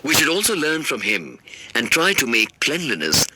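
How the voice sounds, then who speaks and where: A man's voice: mid-range voice, sing-song, normal speed, noisy background. A man reading a textbook passage aloud in careful scripted narration.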